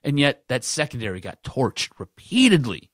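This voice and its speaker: A man's voice: mid-range voice, wildly swooping pitch, normal speed, no room sound, studio quality. A man hosting a sports podcast, ranting in casual talk and repeating himself for emphasis.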